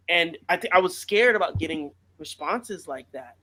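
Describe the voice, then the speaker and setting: A man's voice: a little high, lively intonation, normal speed, sharp tone, a little hiss or hum. A man co-hosting a casual podcast about writing, talking earnestly and reflectively with many fillers. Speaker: author and podcast co-host.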